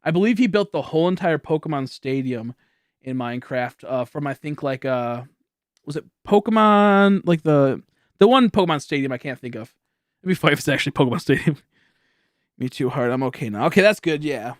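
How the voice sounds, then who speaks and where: A man's voice: on the high side, animated, a little fast, dry recording. Rambling young man streaming, dry close mic. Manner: rambling, laughs often, chats with viewers. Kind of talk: casual live-stream chat.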